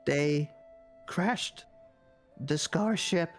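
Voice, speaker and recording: A player voicing a frightened male captive hiding in a cell, in a low, raspy, halting voice. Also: soft background music. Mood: scared. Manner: hesitant, halting.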